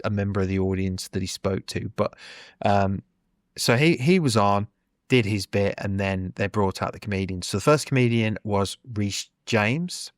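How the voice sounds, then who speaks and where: A middle-aged man, co-hosting a podcast and telling an animated story with a laugh in his voice. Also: on the low side, dry recording, studio quality. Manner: chatty, animated, laughs while telling stories. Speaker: podcast co-host. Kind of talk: casual chat, storytelling.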